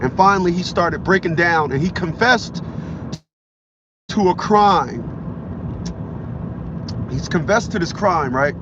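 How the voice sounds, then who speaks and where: A man's voice: sits high, takes it slowly, pauses often, muffled recording, noisy background. Rambling middle-aged man talking in a car. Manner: rambling, repeats himself, acts out quotes. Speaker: vlogger. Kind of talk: casual storytelling monologue.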